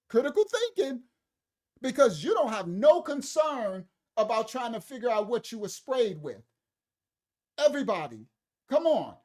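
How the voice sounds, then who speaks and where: A speaker giving casual livestream commentary on video clips, animated, laughing often and talking back to the chat. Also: mid-range voice.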